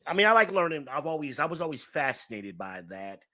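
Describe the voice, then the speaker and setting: A man's voice: fairly high pitch, very animated, quick pace, sharp tone. A man hosting a podcast livestream, chatting casually, reading out comments and laughing often. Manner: chatty, reads chat aloud, laughs often. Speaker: podcast host.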